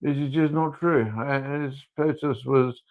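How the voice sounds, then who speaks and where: A man's voice: mid-range voice, fairly even intonation, unhurried, phone-quality sound, close to an everyday voice. A man impersonating a stuffy, elderly British king who dismissively scolds his son. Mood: lecturing. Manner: stuffy, dismissive, stammering repeats.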